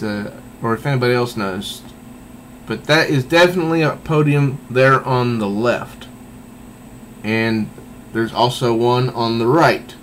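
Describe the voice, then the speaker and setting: Male comic reviewer, unhurried and rambling, mid-pitched, with a faint hum of air conditioning behind him. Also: a bit bright, poor audio. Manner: meandering, thinking aloud. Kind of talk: casual spoken review.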